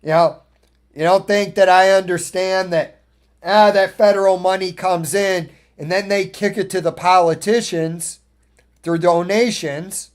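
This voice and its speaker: A man's voice: high voice, fairly even intonation, unhurried. Blunt, profane ranting man. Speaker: podcast host. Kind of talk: opinionated casual monologue.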